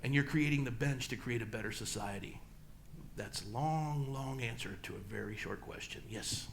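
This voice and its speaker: A middle-aged man, a pastor speaking in a church, talking emphatically and swinging between loud peaks and low, slow passages. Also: gravelly, very noisy. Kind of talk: church talk and Q&A answer. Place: church hall.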